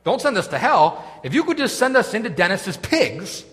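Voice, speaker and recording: A man voicing desperate male demons who plead loudly in a high, begging voice. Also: very animated, normal speed, big-room sound.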